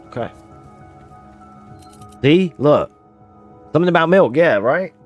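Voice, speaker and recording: A man's voice: fairly high pitch, animated, slow pace, highs cut off, soft background music. A man streaming live gameplay, joking with his chat and explaining his moves as he plays.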